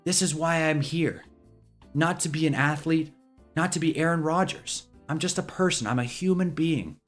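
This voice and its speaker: A man doing an impression of a dazed male football star, talking slowly and softly in a dreamy ramble. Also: fairly high pitch, soft background music, natural voice. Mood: blissful. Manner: slow, soft, dreamy rambling.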